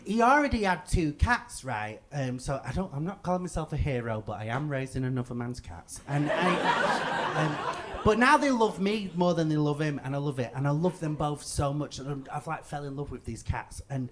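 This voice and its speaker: A man in his thirties with an English accent, doing a stand-up comedy set. He talks in an animated way and rises to loud outbursts for punchlines. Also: on the high side, normal speed, background noise. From England. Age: 30s. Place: comedy stage before a live audience.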